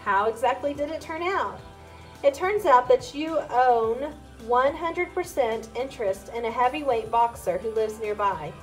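A woman's voice: fairly high pitch, unhurried, soft background music, close to an everyday voice. A woman reading the part of an adult man who patiently explains investments and apologizes. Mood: explaining.

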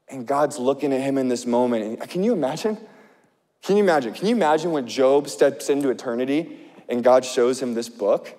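A male pastor preaching an impassioned sermon, swinging between loud urgent passages and hushed ones. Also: medium pitch, expressive, fairly quick, long reverb tail.

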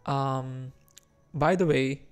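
A man's voice: medium pitch, drawn-out words, smooth, soft background music. A man from India with an Indian English accent mixed with American and British touches, chatting casually while streaming chess and reacting to his moves.

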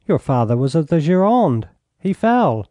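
A man reading an audiobook, voicing a coarse, drunken older baron with a gruff, blustering manner. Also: fairly high pitch, big pitch swings, measured pace, warm tone, no echo.

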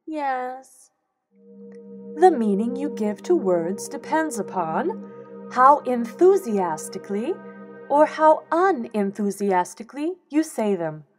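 Slow, lively woman reading a children's book. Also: a little high. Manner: expressive, acts out the quoted lines. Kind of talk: children's book read-aloud. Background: instrumental music.

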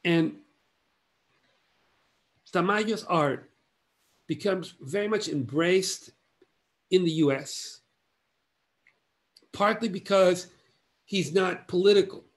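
A man giving an illustrated art history lecture in measured, halting phrases broken by long pauses. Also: sits high.

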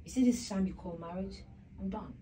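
A woman's voice: mid-range voice, a little fast, warm tone, slight background noise, close to an everyday voice. A young woman acting a bossy, neglected wife in a web skit, commanding and scolding, then complaining bitterly. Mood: aggrieved.

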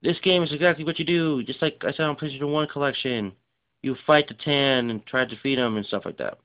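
A tired man talks casually, full of fillers and rushed asides, in a smooth, resonant voice. The recording sounds dull and lo-fi. His delivery is loose and unscripted, as if he is showing things off as he goes. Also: mid-range voice. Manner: rambling, filler-heavy, rushed. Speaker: game collection vlogger. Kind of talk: casual unscripted show-and-tell.

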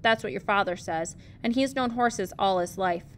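A woman reading aloud, voicing a weary, stern farm mother in a low, subdued voice. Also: normal speed, slight background noise, natural voice.

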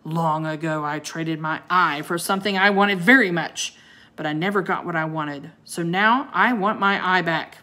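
A woman voicing a gruff, commanding old male ice wizard who bellows and growls. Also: lowish voice, moderate pace, pushed and bright.

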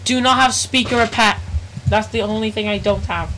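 A woman's voice: a little high, fairly even intonation, normal speed, heavy background noise. A woman live-streaming a game, chatting casually in slangy speech and reacting aloud to chat.

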